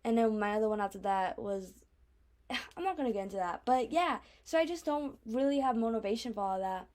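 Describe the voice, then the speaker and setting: A woman's voice: a little high, expressive, a little fast, a little mellow. A woman in her twenties hosting a casual solo podcast, rambling along with plenty of fillers. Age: 20s. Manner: rambling, filler-heavy, chatty. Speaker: podcast host.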